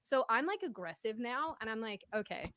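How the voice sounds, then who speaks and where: A woman telling a story in casual chat, animated and indignant as she rants. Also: fairly high pitch, a little fast, no room sound.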